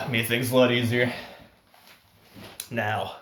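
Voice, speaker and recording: A man's voice: mid-range voice, little pitch movement, extremely slow, noisy background. A man telling a story in a casual, rambling way. He chuckles often and restarts his sentences, and his nose is running. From United States. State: runny nose. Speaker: vlogger. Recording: roomy echo.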